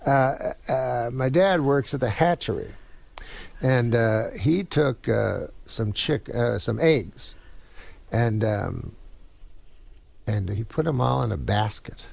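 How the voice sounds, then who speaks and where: A man voicing a schoolgirl who tells her class a plain, earnest story, halting as she goes. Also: mid-range voice, lively intonation, vocal fry, darkish tone, dry recording, pitched below the performer's own voice, heavily acted.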